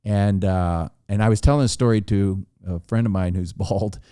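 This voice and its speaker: Male storyteller, low mellow voice, dry close sound, animated when quoting others. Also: moderate pace, clear, resonant tone, dry recording. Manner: animated storyteller acting out dialogue. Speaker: podcast guest storyteller. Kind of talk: casual anecdote telling.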